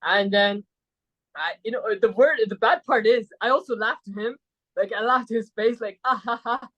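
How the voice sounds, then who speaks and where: Recorded with a muffled sound, he talks at normal speed in a high register with a fairly bright tone. The man, from Saudi Arabia, is a guest on a podcast recounting a story loosely, full of fillers such as "like" and tag questions like "right?".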